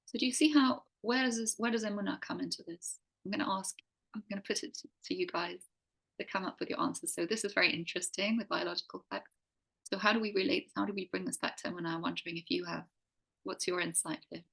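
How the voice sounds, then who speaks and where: A woman's voice: on the low side, fairly even intonation, fast talker, vocal fry, fairly bright tone, husky, low-quality recording. A woman teaching a faith class to a group, earnest and asking many rhetorical questions. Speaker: teacher and coach.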